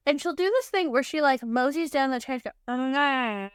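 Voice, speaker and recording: Blunt high-voiced woman chatting. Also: lively intonation, normal speed, pauses often, dry recording, clean studio sound. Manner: blunt, sarcastic storytelling. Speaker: podcast co-host. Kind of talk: casual chat.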